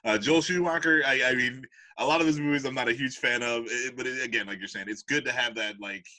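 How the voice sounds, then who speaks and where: Bright-voiced excitable man. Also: mid-range voice, quick pace, poor audio. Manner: excitable, laughs often, swears casually. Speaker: podcast co-host. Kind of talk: casual chat.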